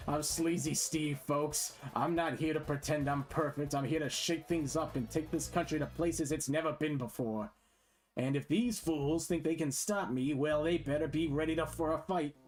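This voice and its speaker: A man's voice: on the high side, fairly even intonation, normal speed, a little mellow, soft background music, lightly acted. A man voicing a sleazy, sweaty, wheezing male political candidate who heckles his rivals in a brash, dismissive way.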